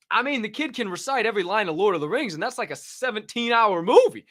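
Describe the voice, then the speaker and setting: A man's voice: high voice, animated, fast talker, hardly any pauses, a bit bright, dry recording. A man hosting a casual crypto news podcast, rambling and profane with lots of fillers and a dry throat. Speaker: podcast host.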